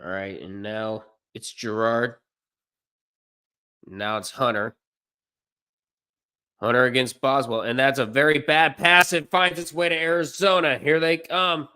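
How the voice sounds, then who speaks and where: A man doing amateur play-by-play commentary on a livestream, unpolished and correcting himself, with deadpan asides. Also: medium pitch, unhurried, long pauses, clear, resonant tone.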